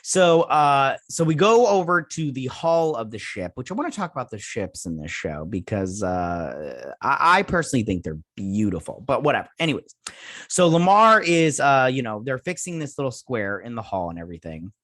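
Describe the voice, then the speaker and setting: A man's voice: mid-range voice, sing-song, moderate pace, a bit bright, no room sound, studio quality. Rambling male TV recap host. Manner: rambling, with many fillers and restarts. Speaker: host of a TV review channel. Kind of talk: casual episode recap.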